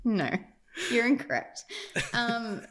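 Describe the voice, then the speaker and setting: A woman's voice: a little high, expressive, extremely slow, fairly bright tone, slight background noise. A woman co-hosting a casual film review chat, sarcastic, emphatic and exasperated in her delivery. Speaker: podcast co-host.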